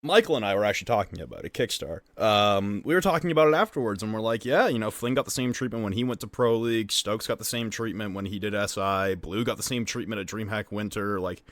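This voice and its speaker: A young man co-hosting an esports podcast, talking casually and ranting with lots of swearing, getting loud when fired up. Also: fairly low pitch, a little fast, no echo, clean studio sound. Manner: ranty and profane, swings loud when fired up. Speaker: podcast co-host and esports caster. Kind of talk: casual chat.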